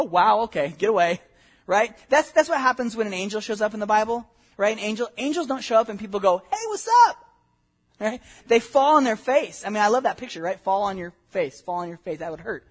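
A man from Southern California preaching a sermon, animated and conversational, with frequent asides and questions to the congregation. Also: high-pitched, breathy edge. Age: adult, married with a wife. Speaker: pastor. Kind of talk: expository sermon.

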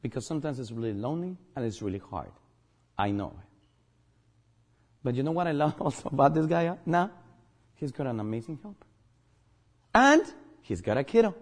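Guatemalan accent guy preaching, husky voice, pitch jumps all over, jokes around. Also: a little fast, pauses often. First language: Spanish. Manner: animated, emphatic, joking. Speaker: pastor. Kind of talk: sermon.

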